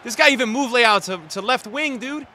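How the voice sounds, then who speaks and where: A man streaming a football video game, talking to his chat in slangy, repetitive commentary that jumps from shouting at the referee to low muttering. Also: normal speed, a little hiss or hum. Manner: swings between shouted outbursts and low muttering; slangy, repeats himself. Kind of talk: live gameplay commentary.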